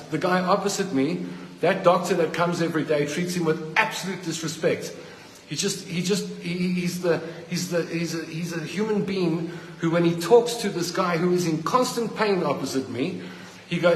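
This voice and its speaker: A man's voice: fairly high pitch, roomy sound, in a large hall, poor audio. A middle-aged South African man, a hospital patient, angrily filming a rant on his phone in a ward. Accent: South African English. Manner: indignant, accusing, fired up. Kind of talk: angry phone video rant. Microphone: phone held by the speaker.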